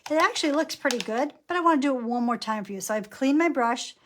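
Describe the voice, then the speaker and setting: A woman's voice: high-pitched, expressive, quick pace, fairly bright tone, a little hiss or hum. A woman teaching a painting class, talking through each brushstroke as she works. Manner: chatty, narrates each brushstroke aloud. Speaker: painting instructor. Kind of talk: live painting lesson.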